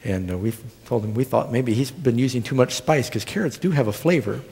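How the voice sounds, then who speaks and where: A man's voice: mid-range voice, expressive, a little fast, vocal fry, warm tone, breathy edge. A middle-aged male pastor preaching a sermon, telling stories with humor and asking the congregation questions. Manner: storytelling with humor and audience questions. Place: church sanctuary. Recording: long church hall reverb.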